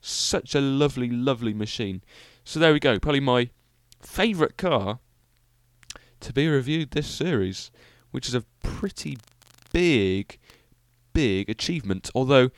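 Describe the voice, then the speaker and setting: A young British man hosts his own car podcast, rambling cheerfully and filling the gaps with ums and little jokes at his own expense. His voice is smooth and clear, at a middling pitch. It is recorded close and dry, with no room sound around it. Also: expressive, measured pace, no room sound. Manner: rambling, enthusiastic, self-mocking, many fillers. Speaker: podcast host. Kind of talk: solo podcast car review.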